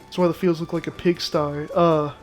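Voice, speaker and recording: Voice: medium pitch, flat delivery, soft background music, close to an everyday voice. A gamer voicing a sarcastic, overworked village head farmer with folksy sayings. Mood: sassy. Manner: sarcastic, quick folksy drawl.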